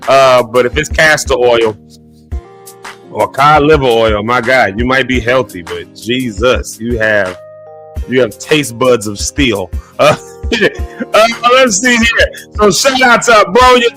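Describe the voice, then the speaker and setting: A man hosting a live morning show from his office, chatting casually, reading viewer comments aloud and giving playful shout-outs. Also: medium pitch.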